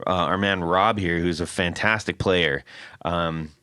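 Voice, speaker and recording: Deep-voiced chatty male podcast host. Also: fairly even intonation, unhurried, sharp tone, smooth, no echo, clean studio sound. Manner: chatty, rambling with restarts and laughs. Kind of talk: casual chat.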